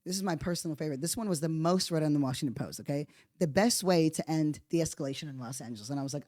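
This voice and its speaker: A woman hosting a podcast, giving heated political commentary, swearing a lot and sarcastic, at times jumping into high, mocking outbursts. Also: big pitch swings, fast, no room sound, clean studio sound. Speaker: podcast host.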